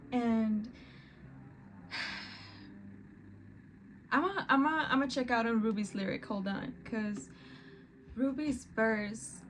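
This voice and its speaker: Slow-talking woman reacting with halting emotion. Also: a little high, slight background noise, rough recording. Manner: emotional, halting, restarting mid-word. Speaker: reaction video host. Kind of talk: casual reaction commentary.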